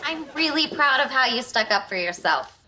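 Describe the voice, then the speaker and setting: A woman's voice: sits high, animated, moderate pace, sharp tone, slight background noise. Bossy young sitcom businesswoman. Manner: prim, bossy and exasperated. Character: prim, bossy young female business owner. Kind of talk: sitcom acting.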